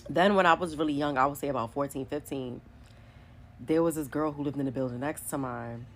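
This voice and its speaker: Deep-toned woman; candid, rambling storytime vlogger. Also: brisk. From New York City. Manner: chatty and candid, many likes and whatevers. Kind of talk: casual storytime monologue.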